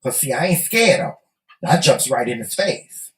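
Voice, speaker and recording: A man co-hosts a relaxed talk show and tells a story with a lot of back-and-forth teasing. His pitch swings widely as he talks, and there is plenty of laughter. The room echoes around him. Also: normal speed. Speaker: co-host. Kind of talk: casual chat.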